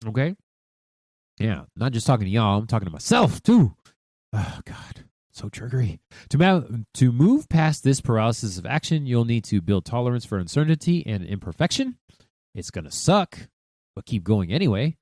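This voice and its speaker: A man's voice: fairly high pitch, dry recording, studio quality. A man in his thirties hosting a solo podcast, talking with emphatic profanity and lots of self-talk. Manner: profane, emphatic, animated, talks to himself. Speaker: podcast host.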